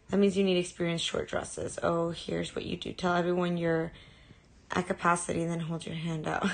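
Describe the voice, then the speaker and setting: A woman's voice: lowish voice, fairly bright tone. Chatty young woman on a livestream. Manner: chatty, reads and answers viewer comments, swears casually. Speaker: livestream host. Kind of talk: casual livestream chat.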